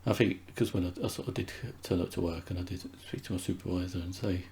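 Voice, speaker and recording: A man with a very low, gravelly voice, warm and dark in tone. He talks in a halting, hesitant way, restarting his sentences often. There is a faint hiss in the background. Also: fairly even intonation. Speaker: interview guest. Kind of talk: candid conversation.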